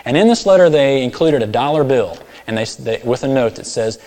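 A man preaching a sermon, telling stories and acting out characters with sudden loud, high outbursts. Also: fairly quick, hardly any pauses. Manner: storytelling, acts out voices with big swings in pitch and volume. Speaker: pastor. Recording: long hall reverb.

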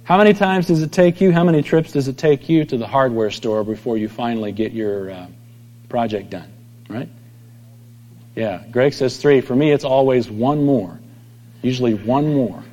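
A middle-aged pastor giving a conversational sermon, telling stories and acting out quoted voices. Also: male voice, medium pitch, normal speed, warm tone. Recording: long hall reverb.

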